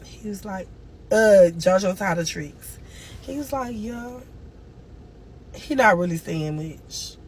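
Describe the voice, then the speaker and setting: A woman's voice: mid-range voice, slow pace, long pauses, slight background noise. A grieving woman streaming live, telling a long emotional story and crying at times. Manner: tearful, cries and moans through the story.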